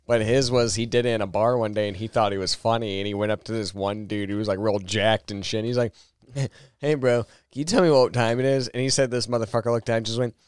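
A man's voice: fairly low pitch, little pitch movement, fast talker, hardly any pauses, clear, resonant tone, no room sound, studio quality. A man trading crude jokes and stories as a podcast co-host in casual banter. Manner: jokey, crude one-liners.

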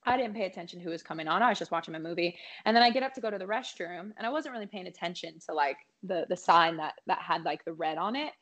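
A woman's voice: on the low side, lively intonation, quick pace, hardly any pauses, fairly bright tone. Talkative woman rambling through a story, casual podcast chat. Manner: chatty, lots of fillers and likes. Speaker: podcast guest, singer.

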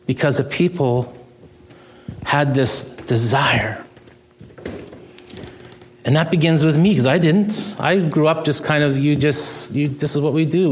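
A man's voice: medium pitch, a little hiss or hum. A middle-aged male pastor preaching a sermon in an earnest, conversational way, with self-deprecating humor.

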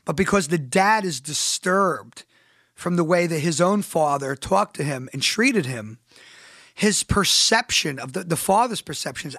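A man's voice: on the high side, expressive, a little slow, a bit bright, dry recording, studio quality. A man hosting a solo podcast monologue. He talks straight to his listeners with emphasis and asks rhetorical questions. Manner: emphatic, addresses listeners directly. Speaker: podcast host.

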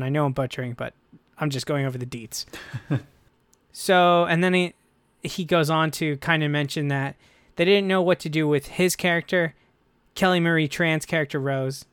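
A man hosting a casual podcast discussion, animated and chatty, breaking into playful voices when quoting others. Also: a little high, normal speed, smooth, no room sound, clean studio sound. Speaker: podcast host.

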